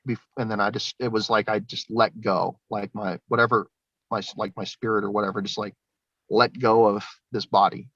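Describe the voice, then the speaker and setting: A man's voice: lowish voice, flat delivery, normal speed, a bit bright, no room sound. A man telling his story in casual, rambling speech, swearing often and laughing between lines. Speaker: guest. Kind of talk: casual spoken testimony. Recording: dull lo-fi sound, dry.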